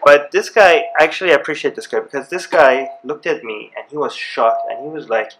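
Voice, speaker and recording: A man, speaking on a live university panel and telling personal stories with rising excitement. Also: on the high side, brisk, few pauses, rough recording. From Iran. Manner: animated storyteller, grows excited. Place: university event room.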